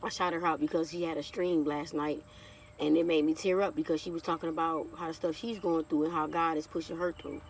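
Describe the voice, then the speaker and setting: A woman's voice: sits low, little pitch movement, fairly quick, distant mic, slight background noise. A woman in her thirties sharing a heartfelt personal testimony in a casual vlog, talking straight to her viewers and calling them y'all. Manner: heartfelt, chatty, keeps addressing viewers as y'all. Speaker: vlogger.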